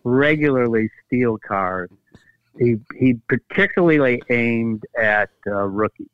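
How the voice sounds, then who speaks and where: Older man telling lively sports anecdotes. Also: medium pitch, no echo, phone-quality sound. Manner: animated anecdotes, acts out quotes, halting restarts. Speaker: guest storyteller, former team executive. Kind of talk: casual storytelling interview.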